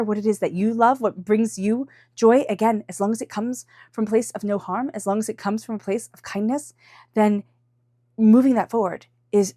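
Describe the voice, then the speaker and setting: A woman giving a weekly tarot reading in a gentle, musing way, often checking in with the listener. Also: mid-range voice, no room sound, studio quality. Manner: gentle, musing, frequent "right?" asides. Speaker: tarot reader.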